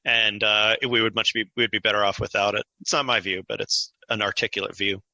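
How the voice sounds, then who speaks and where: A man being interviewed as an author, explaining ideas in an animated way and laughing often as he talks. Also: on the low side, fairly quick, no echo, poor audio. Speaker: author and guest. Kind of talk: conversational interview.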